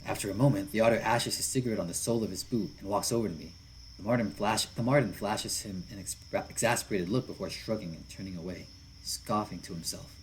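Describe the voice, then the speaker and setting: Low-voiced man reading a visual novel. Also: fast, slight background noise, low-quality recording. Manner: narrating with asides and chuckles. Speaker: visual novel let's player.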